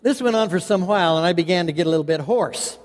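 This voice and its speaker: A man tells a folksy tale to a live audience, lively and animated, chuckling through the funny parts. His voice is fairly high for a man. It rings out with a long reverb, as in a large hall. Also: fast, noisy background. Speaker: storyteller.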